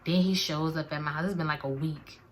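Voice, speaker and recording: A woman's voice: deep voice, steady tone, fairly quick, slight background noise. A young woman in her twenties, chatting animatedly to viewers in a slangy storytime vlog. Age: 20s. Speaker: vlogger.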